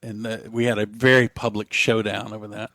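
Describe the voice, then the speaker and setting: A man's voice: lowish voice, level tone, a little fast, bright, forceful tone, dry recording, studio quality. A man co-hosting a podcast, bantering and joking in casual chat. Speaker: podcast co-host.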